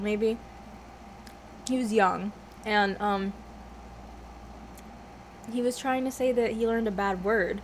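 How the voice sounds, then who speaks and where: A woman's voice: mid-range voice, slight background noise. A young woman vlogging at home, chatting casually while she eats, rambling off topic, swearing often and laughing a lot. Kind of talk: casual mukbang chat.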